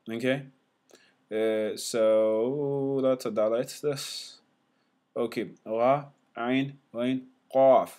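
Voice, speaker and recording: A man talks through a relaxed whiteboard lesson at an unhurried pace. He repeats each letter sound several times, with fillers and restarts, and his voice sits at an ordinary middle pitch. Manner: slow, repetitive, sounds letters out loud. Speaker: teacher.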